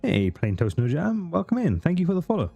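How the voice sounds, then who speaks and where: A man's voice: on the high side, very animated, a little fast, gravelly, over music. A man streaming a game, chatting playfully with viewers and reading the story aloud. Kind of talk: live-streamed game narration.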